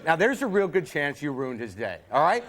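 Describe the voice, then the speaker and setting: A man's voice: a little high, very animated, fairly quick, fairly bright tone. A man doing a stand-up set on a TV studio stage, acting out the voices of the people he describes. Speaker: stand-up comedian. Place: TV studio stage before an audience. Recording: broadcast stage sound with audience laughter. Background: audience laughing.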